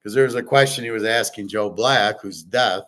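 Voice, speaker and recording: A man's voice: fairly low pitch, moderate pace, fairly bright tone. A male host in a blunt, emphatic rant, swearing freely and rambling with restarts. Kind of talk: casual rant to camera.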